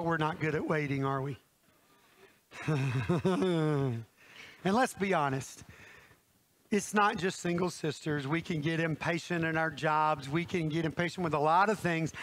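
A man preaching a sermon in a church, folksy and animated, talking straight to his congregation. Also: sits high.

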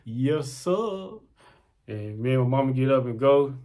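A man's voice: medium pitch, quick pace. A young man telling a personal story in casual, slangy talk, often repeating his phrases. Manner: animated, slangy, repeats himself.

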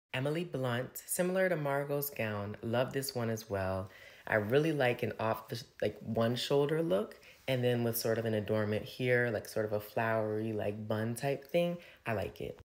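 A man's voice: medium pitch, normal speed. A young man giving a casual, gushing fashion recap, chatty and full of "like" fillers. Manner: gushing, chatty, heavy use of "like". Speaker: fashion commentator. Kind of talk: casual red carpet recap commentary.

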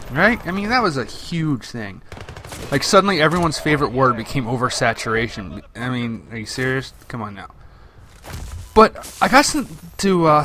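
A man talking over his gameplay in a loose, rambling commentary, cursing casually as he muses. His voice is bright and sharp, sitting a bit higher than most men's. A faint hum of room ambience sits behind him. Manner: rambling and chatty, swears freely. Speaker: gaming commentator.

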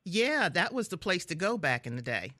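A woman's voice: fairly low pitch, sing-song, normal speed, pushed and bright, dry recording, studio quality. A woman from the Philadelphia area hosting a casual radio interview, chatty and laughing often. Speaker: radio host.

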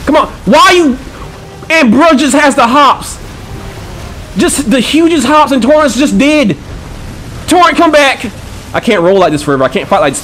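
A man giving excitable gameplay commentary, swearing and trash-talking enemies with frequent panicked outbursts. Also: very high voice, moderate pace, long pauses, soft background music. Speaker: gaming channel host.

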